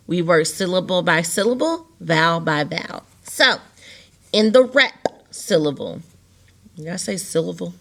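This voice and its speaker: A woman's voice: on the low side, lively intonation, measured pace, fairly bright tone. A woman teacher walking young students through a recorded video lesson, repeating key words patiently and stressing them in a sing-song way.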